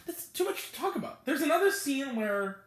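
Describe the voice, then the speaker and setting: A woman's voice: sits high, very animated, a little fast, roomy sound. A woman reviewing a movie in a casual rant, incredulous, often laughing and swearing freely. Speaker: film reviewer.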